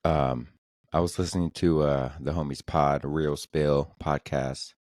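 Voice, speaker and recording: A man's voice: extremely low pitch, steady tone, measured pace, darkish tone, no room sound, studio quality. A man hosting a solo podcast, rambling casually with profane jokes. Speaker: podcast host.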